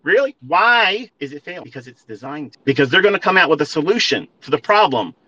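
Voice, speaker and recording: A man with a bright, forceful voice, slightly high for a man, rants bluntly and swears freely as he lectures his listeners. He addresses them as folks in a combative, mocking tone. The audio is dull and lo-fi. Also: very animated, fast. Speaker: trading show host. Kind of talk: profane market rant.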